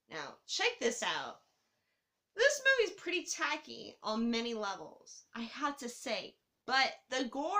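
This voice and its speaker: A young woman hosting a casual movie review countdown, excitable and swearing, laughing and swooping up and down as she talks. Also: on the high side. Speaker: host.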